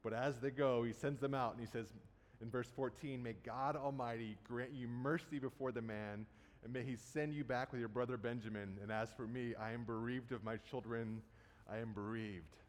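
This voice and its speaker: A man's voice: medium pitch, fairly even intonation, moderate pace. A man preaching a sermon, retelling a Bible story in a conversational way and casually acting out the quotes. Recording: long hall reverb.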